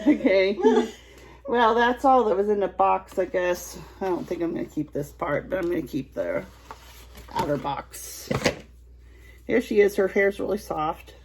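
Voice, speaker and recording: Slow-talking giggly woman vlogger. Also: mid-range voice, background noise. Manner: chatty, giggly, rambling. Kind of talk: casual toy unboxing chat.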